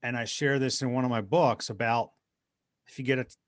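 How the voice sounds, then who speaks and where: A man's voice: medium pitch, fairly even intonation, brisk, dry recording, studio quality. A middle-aged man, a guest motivational speaker, telling personal stories in an earnest, conversational interview style. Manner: earnest, anecdotal, addresses host by name.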